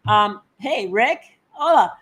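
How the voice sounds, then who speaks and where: Woman, mid-pitched voice, live-stream co-host, reacts to comments with excitement, from the United States. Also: slow pace, breathy edge, soft background music. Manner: enthusiastic, exclamatory. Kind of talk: casual live-stream chat, reading viewer comments.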